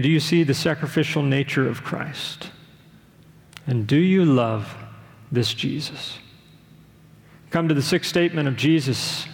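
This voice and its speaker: A middle-aged male pastor preaches with earnest, measured emphasis and keeps putting questions to his listeners. His voice sits a little high for a man and has a gravelly edge. The sound carries the long reverb of a large hall. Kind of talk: sermon.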